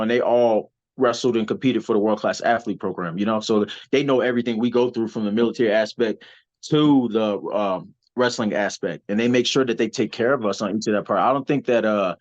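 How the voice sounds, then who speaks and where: A man, a wrestler and soldier, telling stories in a casual interview with lots of fillers and restarts. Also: on the low side. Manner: animated, rambling storyteller, many fillers. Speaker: wrestler and soldier, podcast guest. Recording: slightly dull, lo-fi audio.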